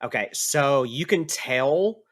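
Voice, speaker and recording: A man running a tabletop game, taking his time over each phrase. His pitch rises and falls a lot as he talks. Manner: slow, measured narration with a lively pitch. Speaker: game master.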